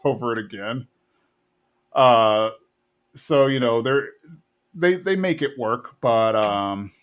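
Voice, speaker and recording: A man from Texas casually recapping a cartoon episode on a podcast, slipping into quick voices for the characters. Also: medium pitch. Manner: retells plot with quick put-on character voices. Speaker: podcast co-host.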